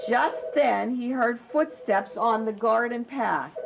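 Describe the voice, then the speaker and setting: A woman who teaches preschoolers, reading a storybook aloud and teaching a lesson in a slow, gentle, expressive way. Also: on the high side, gravelly, noisy background.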